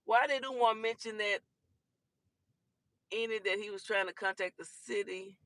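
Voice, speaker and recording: A woman hosting a casual livestream talk show, chatting and teasing commenters with a laughing, animated manner. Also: medium pitch, moderate pace, no echo, clean studio sound.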